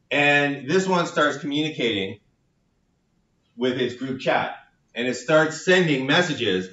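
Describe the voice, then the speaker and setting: A male university lecturer with a bright, forceful voice explains a model playfully, tying it to group chats and phones. He is recorded in a reverberant classroom from a distance, and the sound is dull and lo-fi. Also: medium pitch, expressive, a little slow. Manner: playful, explains with everyday comparisons. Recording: echoey lecture hall, distant dull mic.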